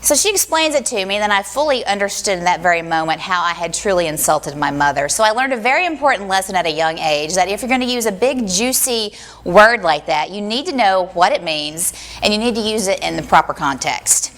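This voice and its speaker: A woman's voice: medium pitch, expressive, a little fast, a bit bright. A woman telling a personal story on stage in a live storytelling style, acting out the voices she quotes. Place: small stage venue.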